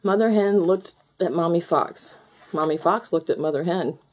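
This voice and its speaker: A woman reading a children's picture book aloud with gentle, expressive storytelling. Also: lowish voice, moderate pace. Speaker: storybook reader.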